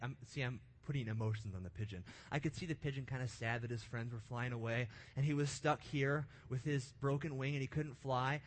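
A young man telling a funny story to a room, his voice sitting a little high for a man. He is lively and mocks himself, jumping from loud bursts to quiet asides. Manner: animated, self-mocking, swings between loud and hushed. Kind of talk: live comedic storytelling to an audience.

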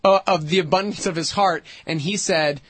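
A man with a notably high speaking voice chats casually on a podcast and tells his stories with lively, acted-out quotes. The sound is dry and close, with no room echo. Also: moderate pace, breathy edge. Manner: animated storyteller who acts out quoted voices. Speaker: co-host.

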